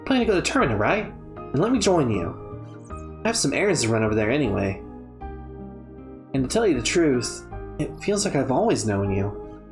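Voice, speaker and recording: A woman voicing a gentle, caring young woman who speaks in a soft, sincere way. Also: a bass voice, sing-song, moderate pace, long pauses, music in the background. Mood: earnest.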